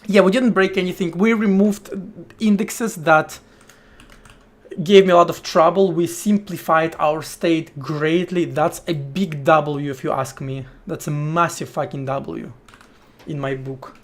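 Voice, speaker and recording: A man talks through his code on a live stream at an unhurried, slow pace. His speech is casual and slangy, breaking into short thinking-aloud bursts and the odd curse as he works. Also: a little high, steady tone. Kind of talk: casual live-stream chat while programming.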